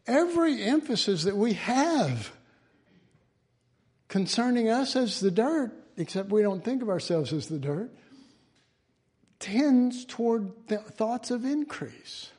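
Man, informal Bible teacher, unhurried delivery, folksy, frequent chuckles. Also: sits high, very animated, a little mellow, breathy edge. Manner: folksy, chuckles often, restarts phrases.

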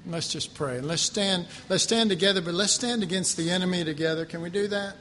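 A man preaching a folksy sermon, moving between loud declarations and hushed, quiet passages. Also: high-pitched, brisk, big-room sound, a little hiss or hum. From Texas. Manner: folksy, self-deprecating, swings from loud to hushed.

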